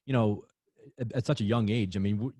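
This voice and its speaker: A man's voice: fairly low pitch, fairly even intonation, fairly quick, mellow, husky, dry recording. A man hosting a podcast interview, talking in a rambling, supportive way. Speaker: podcast host. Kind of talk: casual interview chat.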